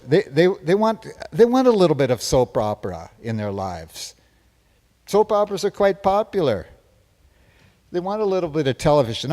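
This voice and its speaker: A man's voice: on the high side, a little mellow. A man playing a boastful, rambling hippie president in a live one-man stage parody, taking questions from the audience. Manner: boastful, rambling, self-praising. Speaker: stage performer in a one-man comedy show. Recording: long reverb from a live stage.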